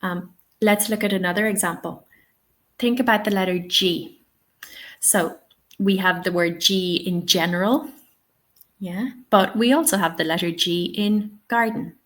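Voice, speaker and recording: A woman's voice: medium pitch, fairly even intonation, unhurried, a bit bright. A woman running a teaching webinar, encouraging and checking in often with "okay?" and "yeah?". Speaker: TEFL trainer.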